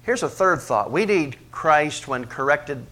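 Male preacher, slightly high voice; dynamic sermon delivery, quiet asides building to loud emphatic peaks, questions to the room. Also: lively intonation, unhurried. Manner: preaches with big swings in pitch and loudness, rising to emphatic peaks; asks the congregation questions directly. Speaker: pastor.

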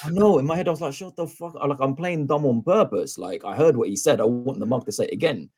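Bloke on a podcast, animated storytelling, swears a lot, does everyone's lines. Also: male voice, medium pitch, fast, a crowd in the background. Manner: animated, acts out both sides of dialogue, swears freely. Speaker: podcast co-host. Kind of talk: casual storytelling chat.

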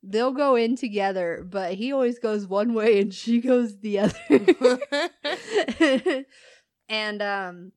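A woman's voice: fairly high pitch, animated, slow, a little mellow, no room sound. A young woman chatting casually, telling funny work stories and laughing often. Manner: laughs often, storytelling with quoted voices. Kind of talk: casual chat.

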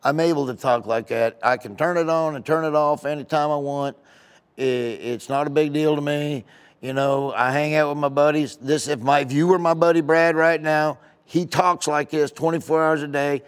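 A man's voice: a little high, fairly even intonation, moderate pace, clean tone. A man, a comedian guest, telling rambling stories in a casual interview. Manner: rambling, storytelling with asides.

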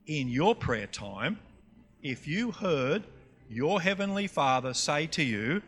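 North queensland aussie guy preaching, bright punchy voice, quizzing the crowd, faint music under it. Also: a little high, a little slow. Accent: North Queensland Australian. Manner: animated, quizzes the audience with questions. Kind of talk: sermon teaching session. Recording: long hall reverb, faint music.

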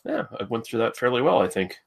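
A man hosting a casual film podcast, relaxed and self-deprecating, often laughing. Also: medium pitch, quick pace, gravelly, husky. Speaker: podcast host. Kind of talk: casual chat.

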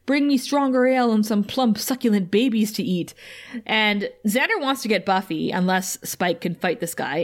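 A woman co-hosting a casual podcast, recapping a TV episode with frequent laughter and acted-out quotes. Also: mid-range voice. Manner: animated, laughs often, acts out quoted lines.

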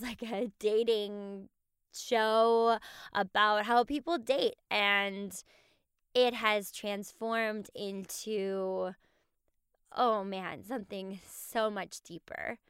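Woman podcast host, emotional, slow unhurried delivery, very clear dry sound. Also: mid-range voice, fairly even intonation, a bit bright, dry recording. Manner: halting, many fillers and restarts. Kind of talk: heartfelt farewell address to listeners.

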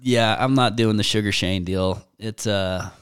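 A man's voice: lowish voice, unhurried, fairly bright tone, clear, resonant tone, no echo, studio quality. A man co-hosting a podcast in casual chat, joking and mocking the people he talks about. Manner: joking, mock-quotes players. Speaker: podcast co-host.

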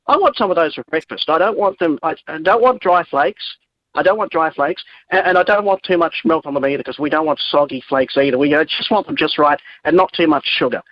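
A man with an Australian accent phoning in to a talk show, joking wryly and talking quickly. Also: a little high, dull audio. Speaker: caller. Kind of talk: phone-in chat.

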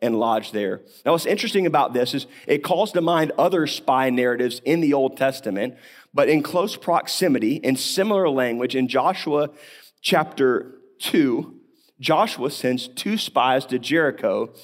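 Expressive and mid-range, a male pastor's voice moves at a moderate pace through his sermon. He discusses a Bible passage as if in conversation, using rhetorical questions and coughing occasionally.

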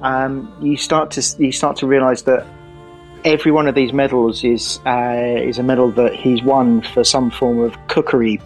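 A man playing a tabletop game, describing his character in a halting way with many pauses and fillers. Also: medium pitch, flat delivery, soft background music, low-quality recording. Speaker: player.

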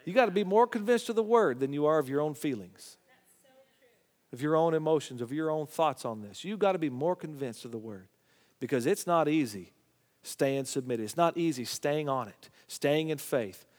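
A middle-aged man, telling a family story and preaching in a folksy way, sometimes dropping to a hushed voice. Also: on the high side, expressive, normal speed, in a large hall. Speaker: Bible teacher. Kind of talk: preaching Bible study.

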